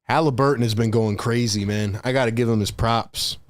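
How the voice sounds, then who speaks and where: A young man hosts a stream, calling the action live in an excited, breathless rush and speaking right to his chat. His voice sits in the mid range and moves fairly quickly.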